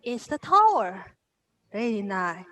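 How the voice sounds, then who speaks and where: A woman playing in a tabletop game, speaking in halting, broken phrases. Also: medium pitch, very animated, fairly bright tone, no echo. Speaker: player. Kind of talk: tabletop role-play.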